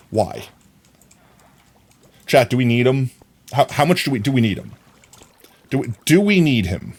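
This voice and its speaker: A man's voice: medium pitch, husky. A man streaming a block-building game live, chatting to his viewers and scolding the characters on screen in a playful, teasing way. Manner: talks to game characters, mock scolding, jumps between mutters and outbursts. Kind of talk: casual gaming commentary.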